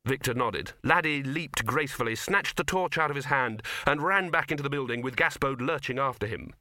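Here a man narrates an audiobook from a script, steady and measured, in a mid-range voice.

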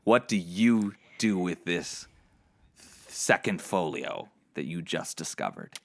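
A man's voice: deep voice, very animated, slow pace, vocal fry. A man hosting a movie podcast, playful and joking, swearing freely as he steers the chat. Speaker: podcast host. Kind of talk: casual movie review chat.

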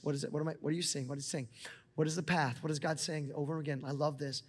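A man's voice: fairly high pitch, fairly even intonation, quick pace, breathy edge. Impassioned man preaching in a reverberant hall. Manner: impassioned, rising to near-shouts, talks to God aloud. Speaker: pastor. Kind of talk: sermon. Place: church auditorium. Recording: large hall with long reverb, music beneath.

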